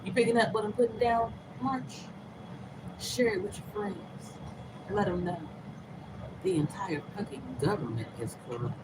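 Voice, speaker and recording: A woman's voice: medium pitch, moderate pace. Emphatic woman vlogging over background noise. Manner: emphatic and profane, swings between loud outbursts and hushed, half-whispered lines. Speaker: vlogger, host of her own channel. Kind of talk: casual to-camera monologue.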